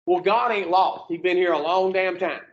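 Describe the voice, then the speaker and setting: Man, high-pitched, recovery group speaker, profane, rhetorical questions, muffled lo-fi sound. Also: steady tone, moderate pace. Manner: profane, plain-spoken, fires rhetorical questions at the room. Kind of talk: blunt motivational talk to a group.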